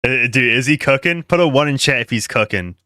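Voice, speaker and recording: A man's voice: medium pitch, expressive, a little fast, sharp tone, no room sound, raised voice, studio quality. A man hosting casual commentary, rambling with many fillers and asides to his viewers. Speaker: commentary host.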